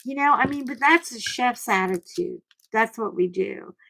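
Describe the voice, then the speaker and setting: A middle-aged woman chatting on her own livestream, telling stories in an animated way and shrieking when she quotes herself. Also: fairly high pitch, moderate pace, gravelly. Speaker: livestream host. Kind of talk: casual chat to live viewers.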